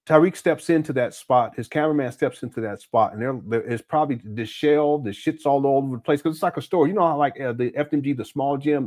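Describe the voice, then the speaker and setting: A man's voice: mid-range voice, darkish tone. A man hosting casual livestream commentary, rambling with many restarts and fillers and breaking into laughing banter with viewers. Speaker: host.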